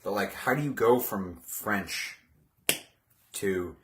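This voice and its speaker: A man's voice: low voice, slow pace, pauses often, noisy background. A man chatting casually on a livestream as he builds something, wandering off topic and poking fun at himself. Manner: chatty, wandering, self-mocking asides. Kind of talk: rambling casual livestream chat.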